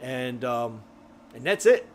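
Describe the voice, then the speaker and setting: Hosting a grilling live stream, this man speaks slowly and expressively at a medium pitch, with a faint hiss or hum in the audio. He wanders through viewer comments with plenty of filler words, slightly winded as he goes.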